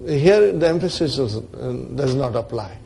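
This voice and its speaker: A man's voice: medium pitch, animated, measured pace, creaky, mellow, slightly rough. A man teaching a grammar class, explaining step by step with rhetorical questions and often checking that his students are following him. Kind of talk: classroom lecture.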